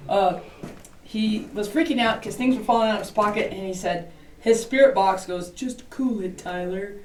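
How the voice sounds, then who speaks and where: A woman's voice: medium pitch, a little hiss or hum. Chatty woman tour guide in echoey rooms. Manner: chatty, jokey storyteller. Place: inside an old historic building. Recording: roomy, distant camera mic.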